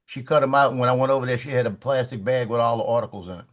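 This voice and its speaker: A man's voice: mid-range voice, rapid-fire. A man telling a basketball story on a video call, acting out the quoted lines. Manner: animated, acts out quoted lines. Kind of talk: casual storytelling.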